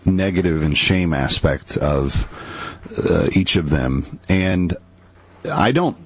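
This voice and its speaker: A man's voice: low voice, takes it slowly, slightly rough, dry recording. A man co-hosting a talk show, answering in a casual, hesitant way with frequent restarts. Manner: hesitant, restarts words while thinking aloud. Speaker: co-host. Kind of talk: casual conversation.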